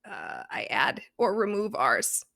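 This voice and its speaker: A woman's voice: medium pitch, wildly swooping pitch, slow, vocal fry, pushed and bright, dry recording, studio quality. A woman with a Boston accent co-hosting a podcast in a casual, chatty, rambling way. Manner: chatty and playful, rambling with fillers. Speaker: podcast co-host. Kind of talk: casual chat.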